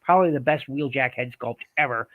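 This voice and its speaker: A man's voice: medium pitch, fairly quick, no room sound, phone-quality sound. A man in casual panel chat, speaking emphatically and repeating himself for stress. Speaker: panel guest.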